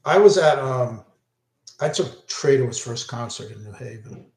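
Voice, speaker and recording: In an echoey room, an older man vlogs about concerts he's been to, his mid-range voice animated and a little dark in tone at a moderate pace. He rambles enthusiastically in a casual monologue, frequently cutting himself off mid-sentence.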